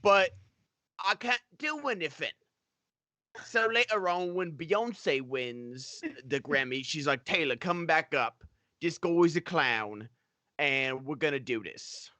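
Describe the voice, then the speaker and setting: Guy doing a loud slangy british-aussie bloke, bright edgy voice, swears a lot. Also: expressive, takes it slowly, dry recording, heavily acted. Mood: mocking. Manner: swearing, slangy, swinging between high and low pitch. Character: rowdy British-Australian bloke gossiping about a celebrity feud. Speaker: panelist.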